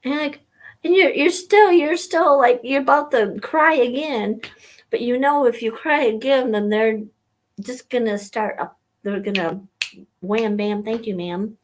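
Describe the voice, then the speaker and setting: A woman hosting a live stream, talking in a halting way with many fillers and repeated words, sometimes dropping to a whisper. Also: on the high side, a little hiss or hum. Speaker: host of a weekly live stream. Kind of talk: casual personal talk.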